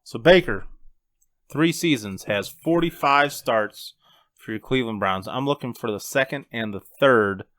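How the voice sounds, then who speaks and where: A man's voice: mid-range voice, a little slow, fairly bright tone, no echo. Terse male trivia reader, dry sound. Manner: terse, teasing one-liners. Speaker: podcast co-host reading trivia. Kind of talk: casual chat, trivia quiz.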